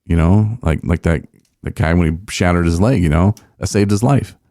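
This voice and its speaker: A man's voice: deep voice, moderate pace, warm tone, no echo, studio quality. A man hosting a podcast, telling a story in a rambling, folksy way with many fillers. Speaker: podcast host. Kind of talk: casual storytelling chat.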